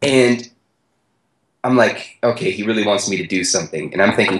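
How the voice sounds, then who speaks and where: A young man, an athlete guest, telling a story in a relaxed way, laughing and acting out what others said. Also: lowish voice, moderate pace, long pauses, echoey room, rough recording. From United States. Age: young adult. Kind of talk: casual storytelling.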